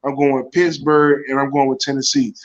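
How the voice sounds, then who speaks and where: A man's voice: medium pitch, little pitch movement, brisk, lo-fi sound. A man co-hosting a casual sports podcast, brashly rattling off his picks and swearing freely. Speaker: podcast co-host.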